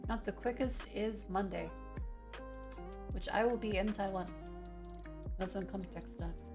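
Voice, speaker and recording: A woman's voice: medium pitch, measured pace, over music. Chatty Australian woman streamer. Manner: chatty, reads chat aloud, stumbles and restarts. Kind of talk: casual live-stream chat.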